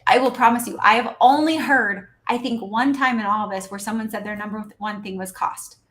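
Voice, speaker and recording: High-voiced, animated woman coaching. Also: a little fast, slight background noise. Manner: animated, acting out patient and dentist dialogue. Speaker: dental practice consultant, podcast guest. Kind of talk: coaching advice in a podcast conversation.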